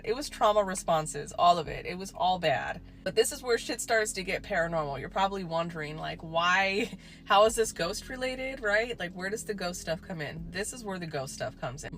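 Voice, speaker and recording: A woman's voice: on the low side, fairly bright tone, a little hiss or hum. A woman telling a true story in a casual storytime way, chatty, swearing and saying "like" a lot. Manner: chatty, swears, heavy use of "like".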